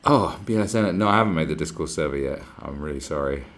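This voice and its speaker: Talking fast in an extremely low, expressive voice, this streamer broadcasts live from somewhere he's staying, not his own home. His casual chat meanders as he curses freely and reads viewers' messages aloud.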